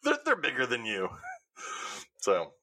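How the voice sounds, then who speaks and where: A man, hosting a podcast and telling animated stories in casual chat. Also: mid-range voice, unhurried, no room sound. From Louisiana. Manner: animated storytelling with swearing. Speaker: podcast host.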